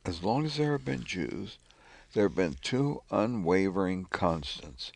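A man reading news articles aloud in a measured, scripted way. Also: low-pitched, expressive, vocal fry, a little mellow, a little hiss or hum.

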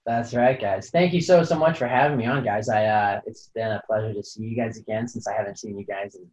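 A man's voice: lowish voice, steady tone, fairly quick, darkish tone. A man from California, chatting casually as a podcast guest, rambling and hesitant with many fillers and restarts. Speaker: podcast guest, photographer and climber. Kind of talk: casual interview chat. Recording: dull lo-fi sound.

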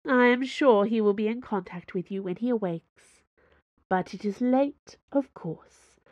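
A woman voicing a smooth, cunning female cardinal who speaks in a poised, purring way. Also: mid-range voice, measured pace, darkish tone, no echo, dull audio, lightly acted. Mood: dismissive.

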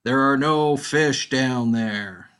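A man putting on the slow, loud, drawn-out voice of an unseen male ice rink manager in a told joke. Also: medium pitch, clean tone. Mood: stern.

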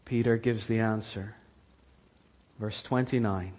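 Pastor, male, slightly raised pitch, husky, unhurried sermon delivery, hall reverb. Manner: slow, earnest storytelling with hushed quoted lines.

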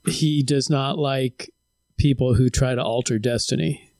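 A man's voice: mid-range voice, fairly even intonation, a little slow, a little mellow, no room sound, studio quality. A man co-hosting a casual film discussion, thoughtfully explaining plot points at length. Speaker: podcast co-host.

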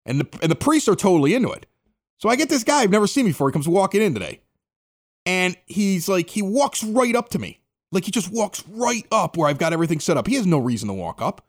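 A man's voice: high-pitched, very animated, fast. A middle-aged man with a Chicago accent, hosting a podcast and telling a story in casual chat, acting out the dialogue. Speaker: podcast host.

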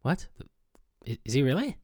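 A man hosting a comedic mock radio show with deadpan, pompous announcer patter. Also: on the high side, a little fast, no echo, clean studio sound. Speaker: host.

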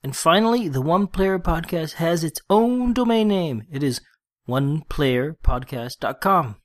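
A man's voice: on the high side, expressive. A man hosting a solo gaming podcast, chatting casually and then reading a war story aloud in his own plain voice. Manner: conversational, quick restarts, reads report plainly without accents. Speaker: podcast host. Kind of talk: casual podcast talk and read-aloud session report.

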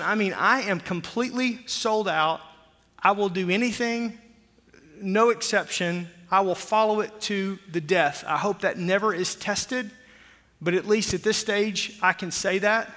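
A man in his forties from Oklahoma, a pastor preaching a sermon with jokey, animated storytelling. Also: high voice. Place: church sanctuary. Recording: long hall reverb.

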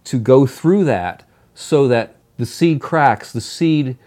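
A man hosts a casual talk in a calm, reflective voice of middling pitch. He speaks steadily and thoughtfully, and he slows down on key points. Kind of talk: casual conversation.

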